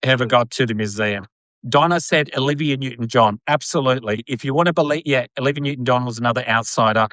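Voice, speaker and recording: A man's voice: medium pitch, quick pace, a bit bright, dry recording. A man hosting a casual podcast chat, rambling with lots of fillers. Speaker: podcast host. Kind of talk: casual chat on a live video.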